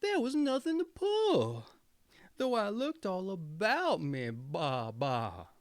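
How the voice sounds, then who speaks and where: A spiteful storybook she-goat, put on by a man with a bleating, high voice. She whines and wheedles slowly, pitch leaping up and down. The sound is dry and close. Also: wildly swooping pitch, dry recording, exaggerated voice. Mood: sly whining. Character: lying greedy female goat, bleating. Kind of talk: storybook reading.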